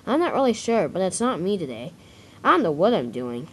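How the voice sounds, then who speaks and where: A woman's voice: fairly low pitch, sing-song, fairly quick, slightly rough. A woman voicing a proud, sulky male express engine who complains about his jobs in a homemade train story. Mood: indignant. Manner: indignant, complaining.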